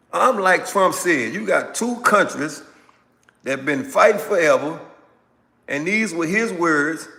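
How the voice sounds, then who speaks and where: A man hosts a live stream and reacts to viewer comments in a loose, animated way, often repeating himself for emphasis. He speaks slowly in a bright, slightly raised voice. The room carries a long reverb. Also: fairly high pitch. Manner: animated, repetitive, talks back to viewers. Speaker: livestream host. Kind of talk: casual political commentary reading chat.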